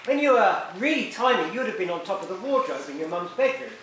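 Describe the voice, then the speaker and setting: A man's voice: sits high, very animated, quick pace, a bit bright. A man presenting a creative-writing workshop to children, playful, acting out scenes with silly voices and sound effects. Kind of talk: lively talk to a young audience. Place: room with a live audience. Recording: echoey room from far off, noisy.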